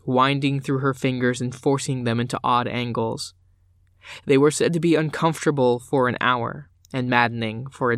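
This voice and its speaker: A man narrating a dark fantasy audiobook in a measured, unhurried manner. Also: medium pitch, dry recording, clean studio sound.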